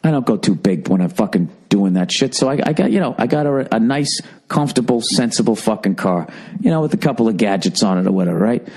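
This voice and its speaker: A man's voice: on the low side, expressive, quick pace, creaky, darkish tone, breathy edge. A podcast host rambling through a comedic monologue, a man swearing constantly and acting out both sides of his arguments in exasperated retellings.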